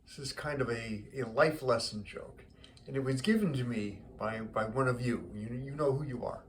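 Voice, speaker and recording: Brief: easygoing male joke teller, halting and chatty, medium voice. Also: medium pitch, slight background noise. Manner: halting, repeats words, relaxed. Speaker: joke teller, show host. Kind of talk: casual joke telling.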